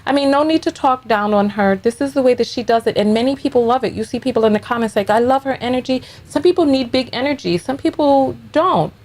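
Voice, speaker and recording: A woman's voice: a little high, fast, hardly any pauses, darkish tone. A woman hosting a casual reaction stream, talking in easygoing, chatty asides. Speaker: reaction channel host.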